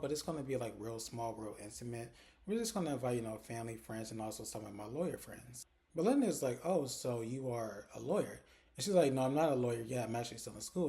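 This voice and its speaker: Mellow-voiced man recapping a TV episode. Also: medium pitch. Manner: retells scenes, quoting characters in animated snippets; chatty and informal, heavy use of "like" and "she's like". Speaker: TV episode reviewer. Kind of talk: casual recap vlog.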